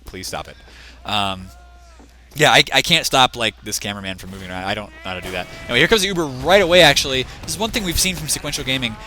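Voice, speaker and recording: This esports shoutcaster calls a competitive team shooter match live at a very fast pace, his medium-pitched voice bright, animated and forceful. He's restless and rambling, thinking out loud and scolding the camera, and his voice is going after the long event.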